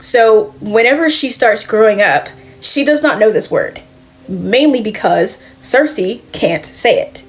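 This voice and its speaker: A woman's voice: fairly high pitch, expressive, slow pace. A woman casually retelling a comic book's story as a reviewer, chatty and profane, slipping into the characters' lines.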